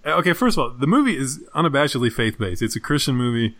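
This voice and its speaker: A man's voice: mid-range voice, big pitch swings, fast talker, fairly bright tone. Young male co-host, chatty and giggly, keeps restarting his sentences. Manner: laughs often, rambling with restarts. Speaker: podcast co-host. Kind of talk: casual movie review chat.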